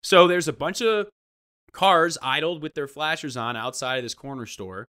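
Male storyteller, lively and bright, acts out quotes, frequent restarts. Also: on the high side, moderate pace. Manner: animated, acts out quoted voices, restarts often. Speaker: guest storyteller. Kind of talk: casual anecdote telling.

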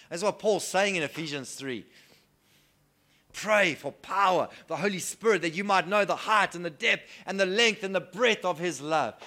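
Earnest male preacher. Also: fairly high pitch. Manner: earnest, swings between soft hushed lines and loud emphatic declarations. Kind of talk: sermon.

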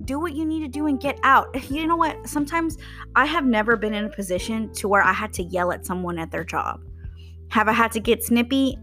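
A young woman from Texas hosts a podcast, delivering a casual rant about customers that is blunt, profane and sarcastic. Her voice is on the high side and a bit bright.

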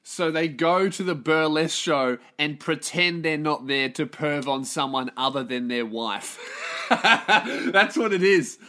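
A brash Australian man with a fairly high, bright, forceful voice, riffing through a casual comedic monologue. He swears freely and rambles from one story to the next. He keeps cracking himself up along the way. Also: measured pace. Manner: profane, rambling, laughs at his own jokes. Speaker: stand-up comedian and podcast host.

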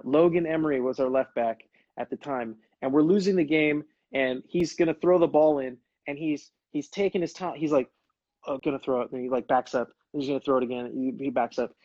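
A man's voice: medium pitch, a little mellow, dry recording, lo-fi sound. A man in his thirties hosting a casual livestream, telling stories in a laid-back way. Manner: laid-back storytelling, calls people brother. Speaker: livestream host, former pro soccer player.

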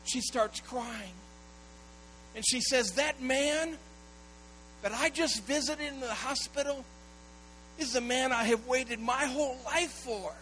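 A middle-aged man preaches a sermon in a notably high, bright, forceful voice. He drops to hushed storytelling, then rises into loud, urgent appeals to his listeners. A faint electrical hum sits under the recording. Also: slow pace, pauses often, poor audio. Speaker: pastor.

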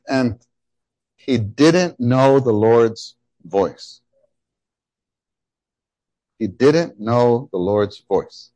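A middle-aged man delivers a sermon with animated emphasis, circling back to repeat his key words. His voice sits in a mid range and sounds dry and close to the mic. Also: mid-range voice, dry recording. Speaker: pastor.

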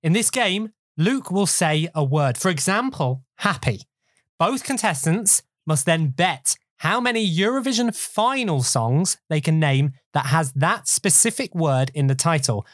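A man hosting a podcast quiz, upbeat and teasing, briskly explaining the rules. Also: on the high side, expressive, fairly bright tone, no echo, clean studio sound. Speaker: quiz host.

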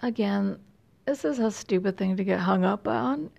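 A woman's voice: mid-range voice, normal speed, creaky, darkish tone. A middle-aged woman from California with a slight Texas drawl, chatting casually and rambling with lots of fillers and self-deprecating asides. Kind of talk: casual chat.

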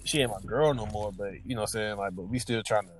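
A man's voice: lowish voice, quick pace. A man on a podcast telling a personal story in a casual, slang-heavy, rambling way that swings between mumbles and heated bursts. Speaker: podcast co-host.

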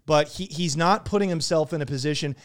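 A man's voice: a little high, fairly quick. A man co-hosting a podcast, teasing a guest and giving mock advice. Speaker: podcast host. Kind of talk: crude comedic banter.

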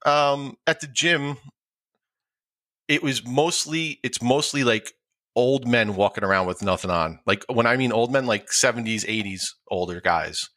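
A man's voice: mid-range voice, measured pace. A middle-aged man co-hosting a podcast in casual chat, laughing often and repeating himself as he talks. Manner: laughs often, animated, stumbles and repeats words. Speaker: podcast co-host.

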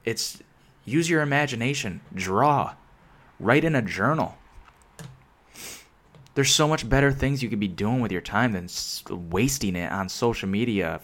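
A young man ranting casually into a microphone, rambling with lots of filler words and constant swearing. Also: fairly low pitch. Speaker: solo vlogger. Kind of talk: casual unscripted rant. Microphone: desk microphone.

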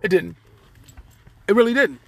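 High-voiced joking man, rambling on. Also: expressive, normal speed, creaky, fairly bright tone, no room sound. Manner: rambling, joking, talks straight to listeners; loose slang, profanity. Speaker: podcast host. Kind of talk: casual solo monologue.

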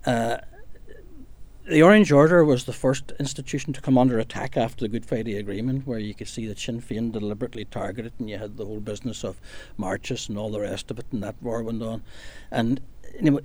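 A man's voice: medium pitch, fast, darkish tone, dry recording. A man from Northern Ireland leading a casual discussion, telling long stories with frequent fillers.

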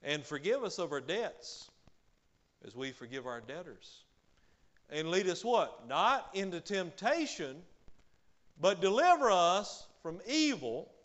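Male preacher with a fairly high voice. Delivers an emphatic sermon that swings between loud and soft, with frequent hallelujahs. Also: sing-song, takes it slowly. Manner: peppers speech with hallelujah.

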